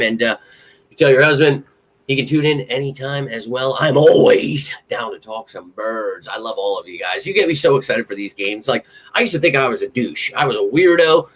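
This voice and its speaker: A young man from central Pennsylvania hosting a casual live stream, talking in an excitable, rambling way and swearing freely. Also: mid-range voice, normal speed. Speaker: podcast host.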